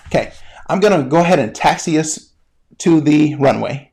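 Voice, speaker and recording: A man, a medical educator and former flight paramedic, teaching through an animated, conversational story that speaks straight to the listener. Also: on the high side, normal speed, vocal fry, slightly rough. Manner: addresses the listener directly, guided imagery. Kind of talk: storytelling lesson.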